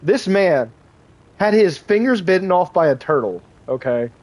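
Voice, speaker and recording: A man's voice: high-pitched, sing-song, measured pace, a little mellow, no echo. A young man telling a rambling, profane story while streaming a game, with lots of fillers. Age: young adult. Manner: rambling storyteller, swears freely, many fillers. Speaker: gaming streamer. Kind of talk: casual live-stream chat while playing.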